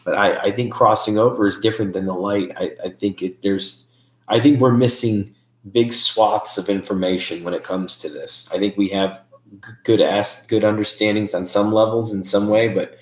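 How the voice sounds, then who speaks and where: A man with a low, deep voice talks through his ideas for an online audience, stopping and restarting his sentences as he thinks aloud. The sound is roomy and echoey. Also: steady tone, normal speed. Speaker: host of a live paranormal stream. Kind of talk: casual live-stream chat with viewers.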